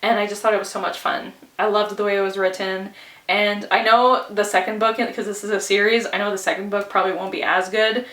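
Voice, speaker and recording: A woman's voice: mid-range voice, little pitch movement, a little fast, fairly bright tone, far from the mic. A woman chatting casually on a reading vlog, giggling often and scattering "like" and "anyways" through her talk. She sounds slightly out of breath. Her voice carries a roomy echo and sits a little back from the mic. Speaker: book vlogger.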